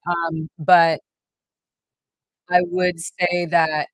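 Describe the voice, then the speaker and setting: A woman's voice: on the low side, little pitch movement, drawn-out words, no room sound, poor audio. A woman hosting her own vlog, telling a personal story in a rambling, emotional way with many fillers and restarts. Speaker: vlog host.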